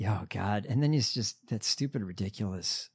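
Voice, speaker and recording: A man's voice: fairly low pitch, normal speed, vocal fry, breathy edge. A man co-hosting a comedy podcast, reading news items with dry jokes and plenty of fillers. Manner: dry, hesitant, many fillers. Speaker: podcast co-host.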